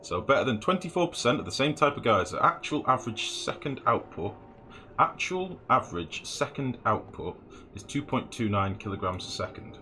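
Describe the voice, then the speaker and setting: A man's voice: mid-range voice, big pitch swings, moderate pace, bright, forceful tone, a little hiss or hum. A man giving casual gameplay commentary as a let's play host, thinking aloud, muttering numbers to himself and swearing now and then. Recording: game music playing underneath.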